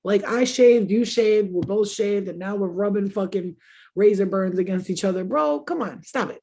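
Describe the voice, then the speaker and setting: Husky-voiced woman telling crude stories. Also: medium pitch, normal speed, warm tone. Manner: candid, crude storytelling with frequent laughs. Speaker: host. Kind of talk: casual chat.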